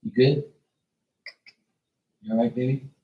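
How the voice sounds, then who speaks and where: A man's voice: mid-range voice, fairly even intonation, a little slow, narrow, tinny audio. A man hosting a livestream, rambling casually with lots of swearing and talking to his dog. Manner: loose and profane, rambling, chatting to a pet and viewers. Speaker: tarot reader livestream host. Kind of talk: casual chat.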